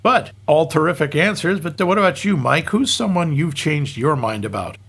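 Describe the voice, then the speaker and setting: A man's voice: on the high side, expressive, normal speed, vocal fry, fairly bright tone, breathy edge. A man co-hosting a film podcast, chatting casually and joking wryly while reading listener comments aloud. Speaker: podcast co-host.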